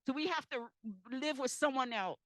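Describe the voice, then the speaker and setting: A woman's voice: sits high, moderate pace, fairly bright tone, dry recording, low-quality recording. A woman, giving tearful, impassioned public comment into a handheld mic at a community forum. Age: 50s. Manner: impassioned, pleading, repeats herself. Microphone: handheld microphone.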